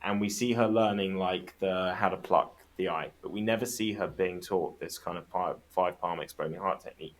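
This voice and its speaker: A man's voice: sits low, normal speed, few pauses. A man guest on a casual podcast chat, telling stories with enthusiasm and swearing freely.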